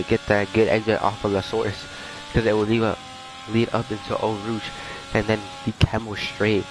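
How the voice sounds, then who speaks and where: A man casually commentating a sim racing league stream, rambling and easygoing with muttered asides. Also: on the low side. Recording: faint background noise.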